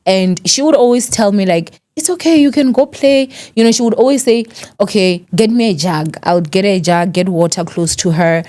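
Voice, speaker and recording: A woman in her thirties hosting a sit-down interview, gently encouraging her guest and opening up about her own past. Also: medium pitch, a little fast. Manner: gentle, frequent murmured encouragement. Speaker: interview host.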